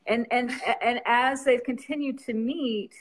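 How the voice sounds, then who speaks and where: A woman's voice: a little high, steady tone, unhurried. A woman novelist chatting casually as an interview guest, rambling and laughing often.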